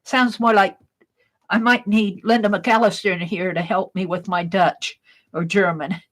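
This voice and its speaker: A woman's voice: mid-range voice, steady tone, measured pace, rough recording. A woman hosting an art livestream, chatting casually with her viewers and telling a story while she crafts, in a rambling, giggly way.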